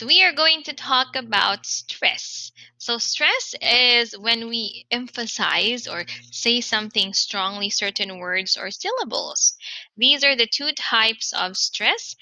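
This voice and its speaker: Teaching English pronunciation online, a woman speaks in a very bright, crisp voice at a medium pitch. Her delivery is clear and encouraging, and she repeats each example word slowly. There's no room echo; the sound is close and dry.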